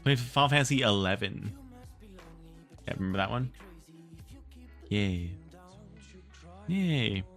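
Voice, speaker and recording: A man reading a storybook aloud on a stream and chatting casually, animated and playful. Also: fairly low pitch, slow pace, long pauses, soft background music. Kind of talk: read-aloud narration and casual stream chat.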